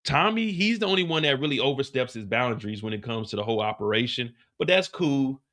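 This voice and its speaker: A man hosting a live stream, recapping a TV episode in a casual, profane, animated way. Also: mid-range voice, fast.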